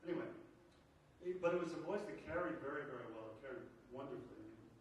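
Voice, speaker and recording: A baritone man lectures in a large, echoing hall, picked up from a distance with a faint hum behind him. He stops and restarts often, then lifts his voice for recited passages. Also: expressive. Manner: halting, many restarts and fillers, lifts voice when reciting. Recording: roomy hall sound from a distant mic.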